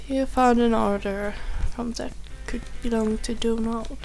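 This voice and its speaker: A woman's voice: a little high, steady tone, measured pace, gravelly, darkish tone, low-quality recording. A woman giving casual, muttered reactions while playing a video game. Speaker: gamer. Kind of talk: casual gameplay commentary. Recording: game music underneath.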